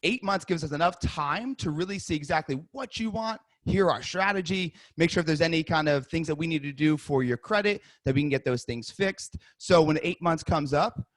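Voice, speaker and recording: Upbeat guy coaching sales calls over video, a bit higher voice, dry sound. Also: no room sound. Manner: upbeat, conversational, rapid restarts. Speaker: real estate sales coach. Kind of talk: sales coaching and call role-play.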